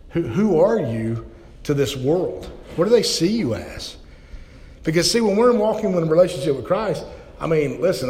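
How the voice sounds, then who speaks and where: A male pastor delivers a heartfelt sermon with a fairly high voice, often stumbling over repeated words as he builds momentum. His voice rings with the long reverb of a church hall. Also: a little mellow. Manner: impassioned, stammering repeats.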